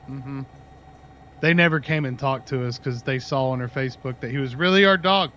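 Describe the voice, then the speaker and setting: A man's voice: medium pitch, a little fast, sharp tone, muffled recording, a little hiss or hum. A man chatting casually on his livestream, telling a long rambling story and talking to his dog in between. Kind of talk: casual chat with stream viewers.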